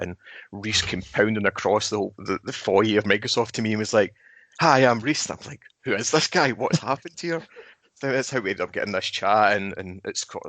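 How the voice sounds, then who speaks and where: A co-host with a low, gravelly voice tells stories in a relaxed chat and acts out the lines of the people in them. The sound is dry and close, with no room echo. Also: male voice. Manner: storytelling, acts out quotes. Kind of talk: casual chat.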